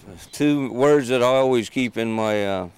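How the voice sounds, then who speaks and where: A man's voice: medium pitch, moderate pace, a little mellow, smooth. A man with an in easygoing, amused casual chat.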